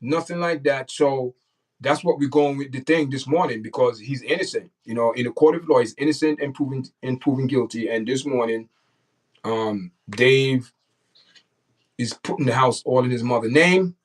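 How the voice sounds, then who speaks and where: A man's voice: mid-range voice, moderate pace, far from the mic, low-quality recording. A man hosting a casual livestream, talking straight to his chat and repeating himself. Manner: repetitive, talks straight to the chat. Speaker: livestream host.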